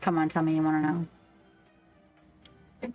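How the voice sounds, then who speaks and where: A woman's voice: low voice, little pitch movement, normal speed, darkish tone, soft background music. A woman hosting a casual live stream, chatting loosely with viewers, swearing freely and reacting to the chat.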